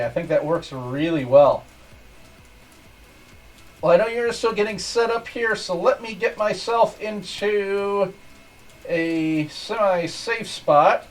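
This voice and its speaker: A man's voice: on the high side, darkish tone, far from the mic, low-quality recording. A man streaming, giving easygoing, rambling commentary over his game from his desk at home. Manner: easygoing, rambling with small restarts. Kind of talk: casual gameplay commentary. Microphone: desk microphone.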